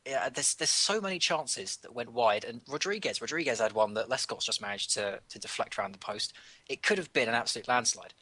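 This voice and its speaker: A man's voice: mid-range voice, sharp tone, dry recording. An English man co-hosting a football podcast, talking through matches in an opinionated, analytical way. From England. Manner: opinionated, analytical, repeats words when thinking. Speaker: podcast co-host. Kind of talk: casual football chat.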